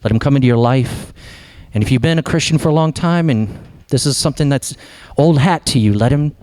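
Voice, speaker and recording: A man preaching a sermon as pastor, impassioned and dropping low for emphasis. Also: brisk, darkish tone.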